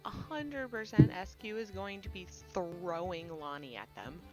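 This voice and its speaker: A woman playing in a tabletop game, describing her character's actions in an animated way. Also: on the low side, measured pace, over music. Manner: animated, swearing, laughing descriptions. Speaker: player. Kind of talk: tabletop role-play.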